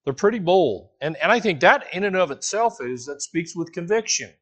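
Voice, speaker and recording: Man preaching, casual and animated. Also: high-pitched, moderate pace. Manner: casual, animated, asks the listeners questions, jokes, restarts often. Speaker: pastor teaching a Bible study. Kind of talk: conversational sermon.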